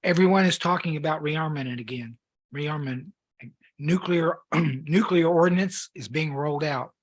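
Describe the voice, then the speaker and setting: A man with a voice on the high side preaches a sermon, reading scripture earnestly and at a measured pace even as he loses his voice.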